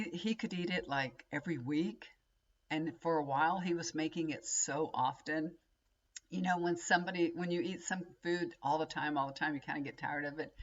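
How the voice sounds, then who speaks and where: At home, a woman who reads tarot and vlogs chats casually with her viewers, calling them y'all, laughing often and wandering into asides in a folksy, rambling way. Her voice sits low, and the recording's highs are cut off.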